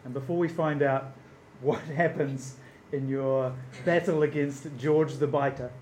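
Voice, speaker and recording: A man's voice: medium pitch, steady tone, a little slow, darkish tone, reverberant, slight background noise. A man running a tabletop game on stage for a live audience, hesitant and full of fillers, amused. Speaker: game master.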